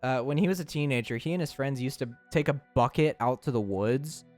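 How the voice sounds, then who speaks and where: A man's voice: medium pitch, a little fast, a little mellow, soft background music. A young man streaming live, chatting playfully with his chat, laughing often and tripping over his words.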